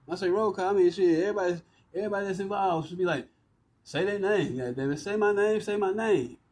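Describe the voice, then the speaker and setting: Agitated high-voiced man ranting outdoors. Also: fast talker, a little mellow, low-quality recording. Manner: agitated, profane and repetitive. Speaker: vlogger ranting to camera. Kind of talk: rambling outdoor rant. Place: outdoors by walls and concrete. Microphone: phone.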